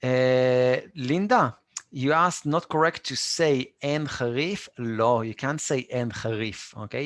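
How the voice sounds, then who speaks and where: An Israeli man leads a live online language lesson, speaking slowly and repeating each word with patience. His voice has a gravelly edge at a middle pitch, and the sound is dry and close to the mic. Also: no echo. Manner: patient, repeats words slowly, answers students by name. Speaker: Hebrew teacher.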